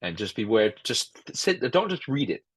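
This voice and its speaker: A man's voice: medium pitch, very animated, moderate pace, husky, no room sound. A middle-aged man answering interview questions as an expert witness, emphatic and prone to repeating words as he starts sentences. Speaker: expert witness and law professor.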